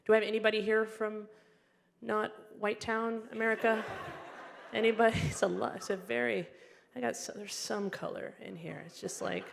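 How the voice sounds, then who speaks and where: Lively woman doing stand-up in a hall. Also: moderate pace, creaky. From Egypt. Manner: animated, playful, acts out people in high voices. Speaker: stand-up comedian. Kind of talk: stand-up comedy set. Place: comedy venue on stage.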